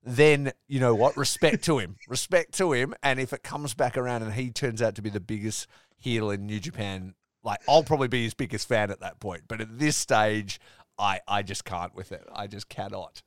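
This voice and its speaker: A man's voice: fairly low pitch, steady tone, normal speed, no room sound, studio quality. A man co-hosting a podcast, ranting animatedly and swearing in casual chat. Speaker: podcast co-host.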